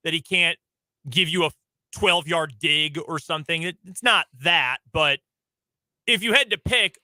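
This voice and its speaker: A man co-hosts a sports radio show in rambling, casual conversation, laughing often. He speaks with an Upper Midwest accent from the Chicago area, and his slightly high, bright, forceful voice comes through a studio microphone with no room sound.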